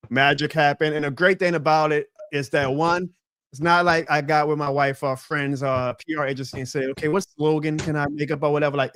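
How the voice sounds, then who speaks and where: A young man with a thick New Orleans Southern accent, chatting as a podcast guest and telling stories animatedly. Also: a little hiss or hum. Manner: animated storyteller, lively pitch jumps. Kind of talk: casual chat on a video call.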